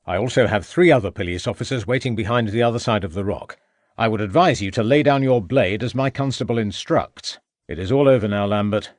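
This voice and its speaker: A man voicing a composed Victorian police inspector who speaks in a measured, firm way. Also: fairly low pitch, dry recording, clean studio sound, close to an everyday voice.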